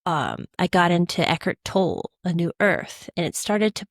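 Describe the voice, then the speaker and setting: A woman guest on a podcast, talking in a casual, animated way and telling stories expressively. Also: on the low side, moderate pace, no room sound, clean studio sound. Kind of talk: casual conversational chat.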